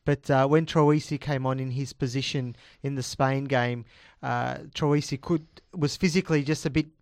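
An Australian man co-hosting a sports radio show, measured and explanatory. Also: medium pitch, steady tone, a little mellow, no echo, clean studio sound. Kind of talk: casual sports radio chat.

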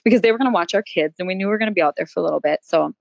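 A woman's voice: lowish voice, racing, vocal fry, dry recording, lo-fi sound. A woman in her thirties, a guest on an interview, telling a personal story with emotion, near tears at times and laughing. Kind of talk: candid interview.

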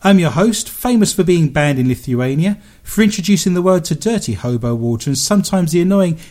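A man's voice: high-pitched, lively intonation, a little fast, a little mellow. A man with an English accent hosting a radio talk show, rambling and joking at his own expense. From England. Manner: self-mocking, rambling, jokey. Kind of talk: casual radio banter. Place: home studio.

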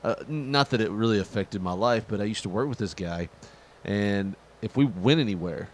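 A middle-aged man chatting casually, rambling with fillers and jumping into animated quoted voices. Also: moderate pace, a little hiss or hum. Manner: animated storyteller, jumps into high-pitched quoted voices; rambling, many fillers and restarts. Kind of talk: casual chat.

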